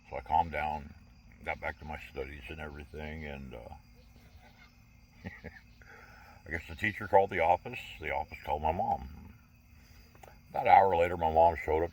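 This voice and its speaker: A man's voice: very deep voice, normal speed, vocal fry, long pauses, darkish tone, slightly rough. A man in his sixties telling personal stories in a candid, rambling way, with wry humor. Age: 60s. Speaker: vlogger. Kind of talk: casual personal storytelling.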